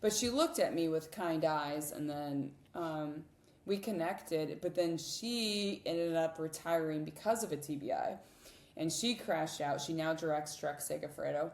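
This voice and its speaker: A woman in her thirties, a cyclist guest on a podcast, telling emotional stories in a candid, animated way with many fillers and restarts. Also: low voice, unhurried, vocal fry. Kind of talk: emotional storytelling in a podcast interview. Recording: roomy reverberant sound.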